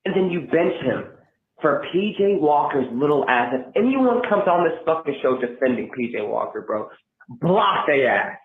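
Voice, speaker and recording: A man calling in by phone to a podcast, ranting angrily and cursing, often yelling. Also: on the high side, very animated, moderate pace. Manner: profane, yelling, heated. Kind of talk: angry fan rant over the phone. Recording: tinny phone line, echoey.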